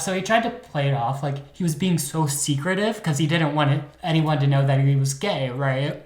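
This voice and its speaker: A woman's voice: low-pitched, normal speed, a little mellow, echoey room. A woman co-hosting a podcast, telling a true crime story in a chatty, sassy way with lots of fillers. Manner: chatty, filler-heavy, dramatic retelling with sass. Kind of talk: casual storytelling chat.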